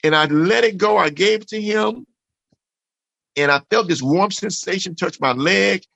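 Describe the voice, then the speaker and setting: Male interview guest, emphatic testimony, raspy fry, dry close sound. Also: sits high, unhurried, sharp tone, no room sound, lo-fi sound. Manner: earnest, emphatic storyteller, repeats phrases, says "man" often. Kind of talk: emotional personal testimony in conversation.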